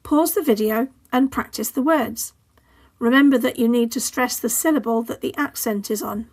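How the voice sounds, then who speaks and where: A woman with an English accent, a languages teacher narrating a scripted lesson in a clear, measured way and carefully modelling example words. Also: fairly high pitch, darkish tone.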